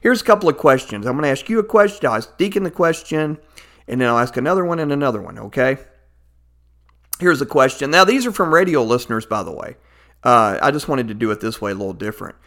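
A man's voice: mid-range voice, animated, fast talker, a bit bright. A man hosting a Christian podcast show in an enthusiastic, announcer-like manner. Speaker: podcast host.

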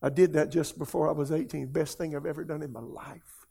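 A man's voice: on the high side, steady tone, a little fast, gravelly, dark tone, slightly rough. A man, preaching a sermon as a pastor and pleading earnestly with his listeners in an emotional altar call.

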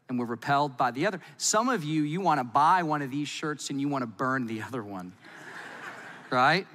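A man preaching a sermon in a lively, playful, conversational way. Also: a little high, long reverb tail. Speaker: pastor.

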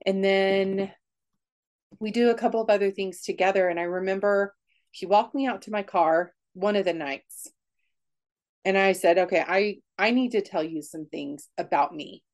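A woman telling a raw personal story in an interview, candid and emotional, speaking in quick bursts with frequent restarts. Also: on the low side, fairly even intonation. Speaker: guest.

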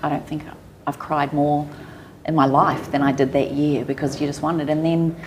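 A woman's voice: deep voice, level tone, normal speed, darkish tone, slight background noise. A woman from New Zealand with a New Zealand accent, a podcast guest telling her story in a candid, emotional way. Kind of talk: personal storytelling in an interview.

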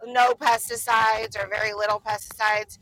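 Woman, co-host, casual chat, bright, enthusiastic. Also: medium pitch, little pitch movement, normal speed, rough recording. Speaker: podcast co-host.

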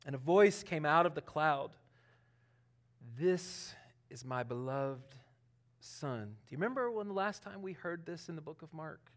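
High-voiced animated male preacher. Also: brisk. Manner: conversational, animated, acts out quotes, laughs often. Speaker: pastor. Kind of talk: sermon.

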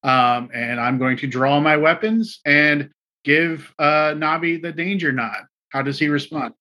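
A man's voice: fairly high pitch, measured pace, sharp tone. A man playing a tabletop game, speaking hesitantly with many fillers. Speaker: player. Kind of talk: casual tabletop play.

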